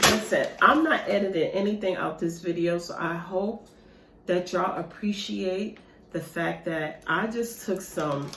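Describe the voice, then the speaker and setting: A woman's voice: on the low side, noisy background. A woman chatting casually to her viewers in an eating vlog, addressing them directly in a talkative, loose way. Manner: chatty, talks straight to viewers with "y'all". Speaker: mukbang vlogger. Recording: roomy echo.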